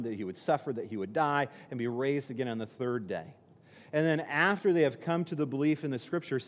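Guy pastor giving a sermon, kinda high voice, chatty, stumbles and restarts, big echoey hall. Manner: conversational, repeats words and restarts, acts out quotes. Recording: long reverb of a hall.

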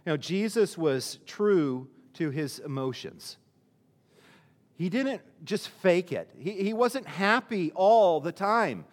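A man's voice: high voice, animated, slow pace, in a large hall. A male pastor preaching a sermon in a conversational way, often restarting his sentences and using fillers.

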